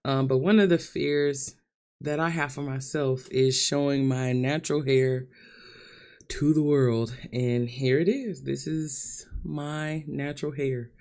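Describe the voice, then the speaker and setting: A woman's voice: very deep voice, steady tone, slow, darkish tone. A young woman talking to camera in a vlog, crying and nervous, laughing through her tears. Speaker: vlogger. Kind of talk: emotional vlog confession.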